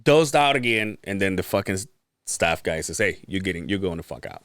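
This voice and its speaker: A man with a fairly low voice tells a rambling, profane story on a podcast and acts out each person's lines. The sound is dry and close, with no room in it. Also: a little fast, clear, resonant tone, no room sound. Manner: profane, animated storytelling with acted-out quotes. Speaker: podcast co-host. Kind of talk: casual storytelling chat.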